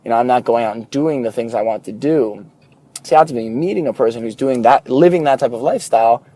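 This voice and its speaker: A man's voice: medium pitch, quick pace, warm tone. A young man hosting a podcast, talking earnestly and candidly while driving to work, with a curse now and then. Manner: earnest, candid, occasional swearing. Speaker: podcast host. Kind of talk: casual solo podcast monologue. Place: car on a morning commute.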